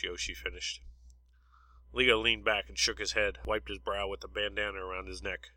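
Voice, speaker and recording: A man narrating a story aloud in a steady, plain reading style. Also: lowish voice, moderate pace, no echo, poor audio.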